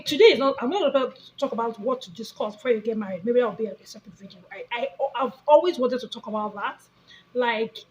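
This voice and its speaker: A woman's voice: fairly high pitch, rough recording. A woman, a mother talking casually to her phone camera in a rambling, self-correcting way, full of restarts. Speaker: vlogger, mom of three. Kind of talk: casual talking-head vlog.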